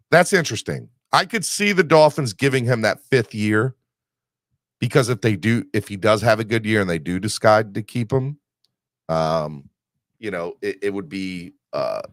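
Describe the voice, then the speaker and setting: Animated low-voiced male sports podcast host. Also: dry recording. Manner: animated, rambling with restarts. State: recovering from illness. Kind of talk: casual sports talk.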